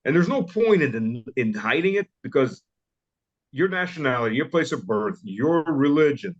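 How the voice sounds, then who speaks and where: A man in his fifties with a Southern US accent speaks as an interview guest, telling stories bluntly with a wry edge. He hesitates often and restarts his sentences, at a middling pitch. The audio sounds dull and lo-fi. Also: lively intonation. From southern United States. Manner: blunt, wry, halting with many fillers and restarts. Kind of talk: casual interview storytelling.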